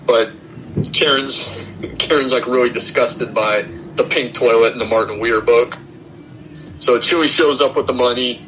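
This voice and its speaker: A man's voice: mid-range voice, steady tone, normal speed, long pauses, pushed and bright, a little hiss or hum, poor audio. A young man hosting a podcast, casually retelling a film's plot scene by scene and acting out the characters' lines. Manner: retells film plot step by step, acting out quotes. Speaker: podcast host. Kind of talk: casual film review chat.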